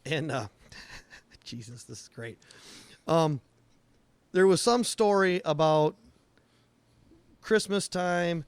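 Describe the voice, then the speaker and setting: Higher-pitched man telling shop stories. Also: expressive, slow, long pauses, clean tone, no room sound. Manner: rambling anecdotes with acted-out quotes. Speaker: podcast co-host, auto technician. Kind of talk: casual storytelling chat.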